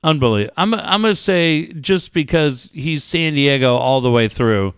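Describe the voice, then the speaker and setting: A man's voice: on the high side, lively intonation, moderate pace, clean tone, no echo, studio quality. A man co-hosting a casual podcast, guessing aloud and swearing often in loose banter. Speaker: co-host.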